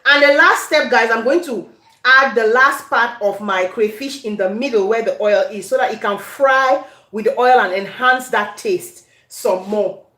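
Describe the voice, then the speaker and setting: A woman's voice: on the high side, unhurried, sharp tone, roomy sound. A woman with a Cameroonian accent hosting a home cooking video, chatting to viewers and slipping into Pidgin as she demonstrates. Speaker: cooking channel host. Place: home kitchen.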